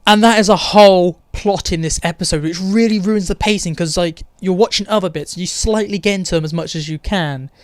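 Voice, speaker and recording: A man's voice: high-pitched, fairly quick, few pauses, no echo, studio quality. A man giving a blunt, opinionated and sarcastic casual review of a TV episode. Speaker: TV show reviewer.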